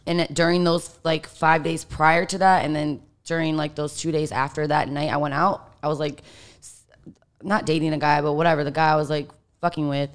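A woman's voice: low voice, little pitch movement, a little fast, clear, resonant tone. A young adult woman, an interview guest, telling a story in a candid, profane way that is packed with "like". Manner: candid, profane, heavy use of filler "like". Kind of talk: casual storytelling.

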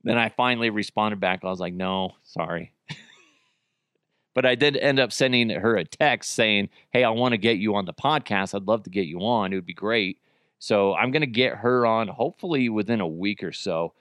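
A man's voice: fairly low pitch, moderate pace, fairly bright tone, no echo, studio quality. A man hosting his own podcast in casual solo chat, crude and joking, often poking fun at himself. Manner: crude, joking, self-mocking. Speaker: podcast host.

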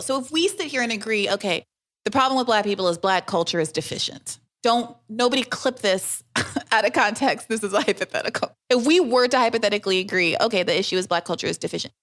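A woman's voice: medium pitch, a bit bright. A woman appearing as an interview guest, making her argument thoughtfully, hedging at first and then pressing her point. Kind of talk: conversational interview.

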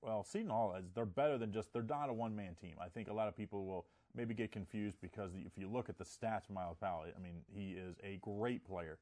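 A man's voice: on the low side, a little fast, few pauses, warm tone. A man giving sports betting picks in casual chat, often restarting his words.

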